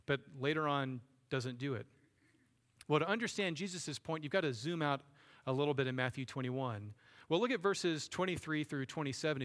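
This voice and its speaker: In a reverberant church sanctuary, a pastor delivers a sermon in a conversational style, asking rhetorical questions. His voice is a little high and somewhat bright, and the recording carries long hall reverb.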